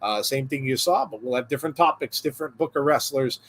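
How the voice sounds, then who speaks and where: A man's voice: medium pitch, fast, a bit bright. A middle-aged man hosting a podcast, chatting casually and rambling through a long joke with lots of fillers. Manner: rambling storyteller, many fillers. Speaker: podcast host. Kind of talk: casual chat.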